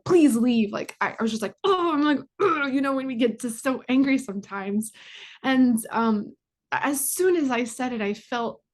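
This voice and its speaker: Young adult woman, interview guest; earnest, halting, filler-heavy delivery. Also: mid-range voice. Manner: heartfelt, many fillers and restarts. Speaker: guest, foundation communications manager. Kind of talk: casual interview answer.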